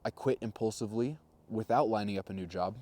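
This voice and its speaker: A man in his twenties telling a rambling, self-mocking personal story in a casual vlog monologue, with deadpan jokes. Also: lowish voice, fast talker. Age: 20s. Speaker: vlogger.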